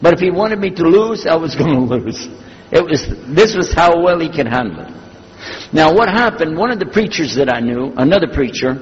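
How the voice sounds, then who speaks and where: Older man, husky, raised pitch, lively storytelling, dull lo-fi sound, reverberant hall. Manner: animated, acts out dialogue in the story. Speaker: former preacher telling his story. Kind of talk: storytelling talk.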